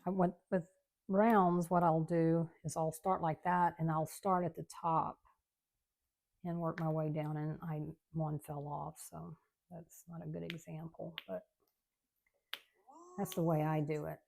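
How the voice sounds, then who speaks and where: Low-voiced, gravelly woman chatting. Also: little pitch movement, unhurried. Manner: chatty, rambling, soft-spoken. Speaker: craft channel host. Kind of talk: casual chat while crafting. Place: home craft room.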